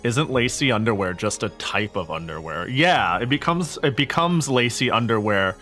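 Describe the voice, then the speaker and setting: A man's voice: medium pitch, expressive, moderate pace, pushed and bright, faint music behind. Male streamer, casual and jokey, cursing, lots of self-corrections. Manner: rambling, joking, swears often, frequent self-corrections. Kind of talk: casual gaming stream chatter.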